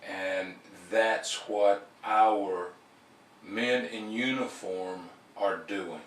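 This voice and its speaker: A man's voice: low voice, reverberant, recorded from a distance, a little hiss or hum, rough recording. A man hosting a call-in talk show, rambling with many fillers and restarts. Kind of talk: casual talk-show monologue.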